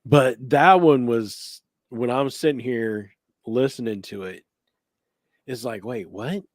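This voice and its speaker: A man of middle pitch co-hosting a paranormal live stream, talking in a loose, halting way full of restarts. His voice sounds close and dry, with no room sound around it. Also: no echo. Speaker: paranormal investigator co-host. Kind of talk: casual chat. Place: home studio, live stream.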